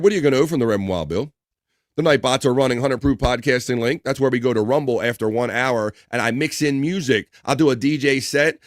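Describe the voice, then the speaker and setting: A man's voice: medium pitch, no room sound, studio quality. A man hosting a live stream, loosely chatting, swearing casually and reading out viewer comments.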